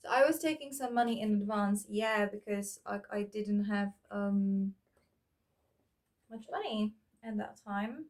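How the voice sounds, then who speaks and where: A woman's voice: medium pitch, a little slow, darkish tone. A woman chatting casually as she sorts through old keepsakes, rambling and thinking aloud with many fillers. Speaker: vlogger. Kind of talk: casual reminiscing while sorting keepsakes.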